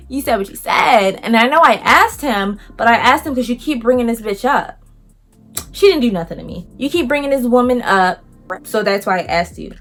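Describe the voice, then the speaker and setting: A woman vlogger telling a casual story in a lively way, acting out what other people said and using a lot of slang. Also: fairly high pitch, moderate pace, soft background music.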